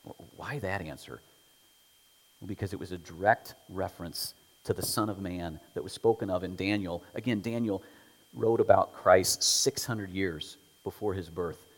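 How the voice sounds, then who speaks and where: A man preaching a sermon, telling the story with animated delivery, acting out quotes and dropping to whispers. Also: sits low, moderate pace, slightly rough. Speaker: pastor. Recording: long hall reverb.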